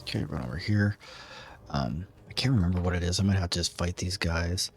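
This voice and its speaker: A man streaming a video game, giving relaxed, chatty commentary with dry asides and frequent fillers. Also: sits low, fairly quick, background noise. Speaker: gaming streamer. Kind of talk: casual gameplay commentary.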